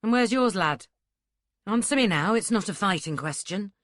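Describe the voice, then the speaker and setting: A woman voicing a gruff, wry northern English farmer who teases with blunt questions, in a northern accent. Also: mid-range voice, lively intonation, normal speed, a bit bright, no echo, clean studio sound, close to an everyday voice. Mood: probing.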